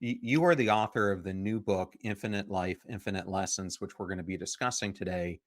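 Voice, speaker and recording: A man hosting a podcast, reading an upbeat intro and then asking a measured question. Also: low-pitched. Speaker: podcast host.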